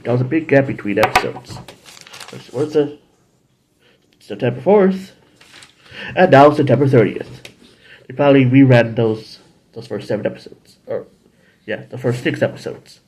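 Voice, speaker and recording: A man with a husky, mellow voice talks through an episode recap in a loose, casual way. He rambles, stops to correct himself, and swings up and down in pitch. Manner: rambling, self-correcting, jumps into high-pitched character voices. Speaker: show host reviewing episodes. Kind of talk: casual review with acted-out scenes.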